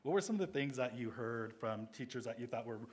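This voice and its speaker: A man's voice: medium pitch, expressive, fairly quick, darkish tone. A man moderating a panel at a school board meeting. He asks questions in an encouraging way. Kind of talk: meeting discussion.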